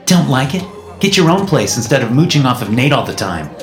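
A man's voice: medium pitch, big pitch swings, brisk, reverberant, soft background music, pitched above the performer's own voice. A man voicing a confident, teasing young woman who speaks in a smirking, direct way.

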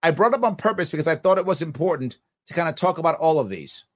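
A man's voice: on the high side, animated, quick pace. A middle-aged man hosting a podcast and giving opinionated commentary, talking straight to listeners with rhetorical questions. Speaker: podcast host.

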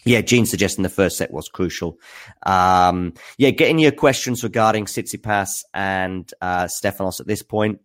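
Male tennis news host, lowish voice, chatty and hesitant on a live stream. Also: normal speed. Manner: chatty, hesitant, full of fillers. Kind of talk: live-stream commentary recap.

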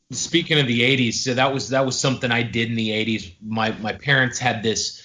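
Guy telling a story on a podcast, kinda halting, lots of restarts. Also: medium pitch, fairly even intonation, bright, forceful tone. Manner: halting, repeats words. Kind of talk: casual chat.

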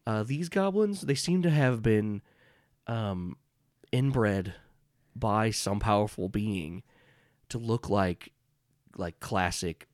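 Low-voiced man as game master. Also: lively intonation, slow pace, long pauses, no room sound, studio quality. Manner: loose, rambling, with filler words. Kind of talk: narrating a tabletop game.

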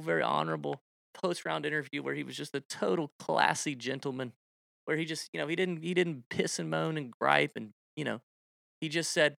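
A man co-hosting a casual podcast, animated, with goofy sound effects and exasperated rants. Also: fairly high pitch, creaky, no echo, clean studio sound. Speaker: podcast co-host. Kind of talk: casual chat about golf picks.

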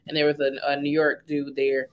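A woman hosting a casual interview, upbeat, moving through segments with quick questions. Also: low voice, completely flat delivery, muffled recording. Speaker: show host.

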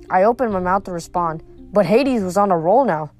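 A woman's voice: on the low side, animated, brisk, a little mellow, soft background music. A woman reading a novel aloud, narrating steadily in the first person. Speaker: reader.

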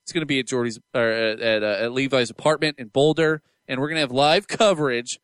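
A young adult man hosting a casual podcast, excitable and quick to laugh. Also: medium pitch, clear, resonant tone, dry recording, clean studio sound. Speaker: podcast host.

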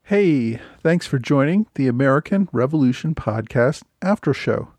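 A man's voice: mid-range voice, expressive, normal speed, a little mellow, no echo. A man hosting a history podcast, reading thanks and notes in an earnest, explanatory way. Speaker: podcast host. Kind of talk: scripted podcast narration.

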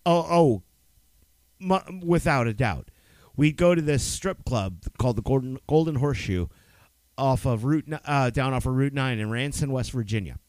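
A man's voice: mid-range voice, normal speed, darkish tone, no echo. A man co-hosting a podcast in loose, profane, rambling casual chat. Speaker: podcast co-host.

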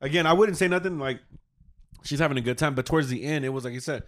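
A man in casual podcast chat, telling animated, slangy stories. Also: medium pitch, fast.

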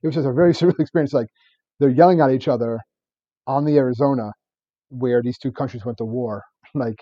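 A man's voice: mid-range voice, a little fast, no room sound, lo-fi sound. A man co-hosting a podcast, telling stories in rambling casual chat with many restarts and laughs. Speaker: podcast co-host.

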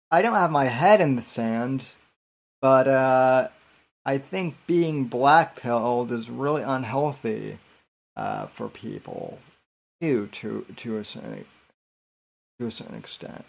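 Slow, gravelly-voiced man hosting a stream. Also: medium pitch. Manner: hesitant, full of fillers and restarts. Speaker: podcast host. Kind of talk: casual late-night stream chat.

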